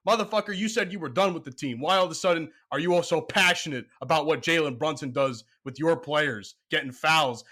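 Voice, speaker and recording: Man, bright forceful voice, profane heated trash talk, casual sports podcast banter. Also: a little high, a little fast, few pauses. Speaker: podcast co-host and editor.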